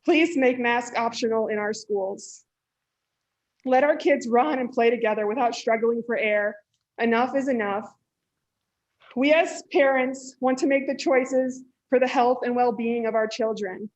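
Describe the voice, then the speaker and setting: A woman's voice: a little high, unhurried. A woman, a mother and educator, reading an earnest prepared statement during public comment at a school board meeting. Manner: earnest, pleading. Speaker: parent speaking at public comment. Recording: dull lo-fi meeting audio.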